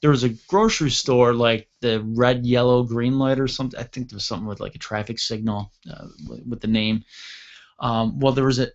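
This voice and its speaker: A man from upstate New York telling a long story on a talk show, rambling and correcting himself, and lively when he acts out the dialogue. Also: medium pitch, fairly quick, muffled recording. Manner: rambling with frequent self-corrections; animated when acting out dialogue. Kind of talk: casual anecdote telling.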